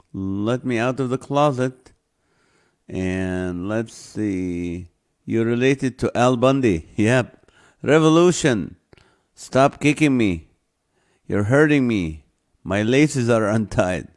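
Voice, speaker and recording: Slow, chuckling man hosting a live show. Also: medium pitch, darkish tone. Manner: chuckling often, reading comments aloud. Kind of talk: casual live-stream chat reading viewer comments.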